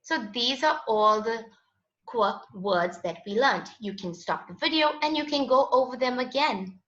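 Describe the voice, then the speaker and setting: A woman leads a children's phonics lesson at an unhurried pace, patient and sing-song. Her voice is bright and clear. The recording is roomy with a dull lo-fi sound. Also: fairly high pitch, expressive. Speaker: teacher. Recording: echoey, dull lo-fi room sound.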